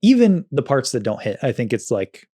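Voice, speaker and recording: A man's voice: mid-range voice, sing-song, normal speed, dark tone, no echo. Dry-miked man musing on film scores. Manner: thoughtful, careful with facts, qualifies his points. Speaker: podcast co-host. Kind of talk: casual film discussion.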